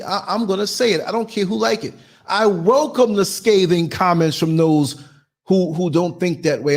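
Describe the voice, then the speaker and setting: Man, podcast host, solo rant, husky voice, fairly high-pitched, blunt and preachy.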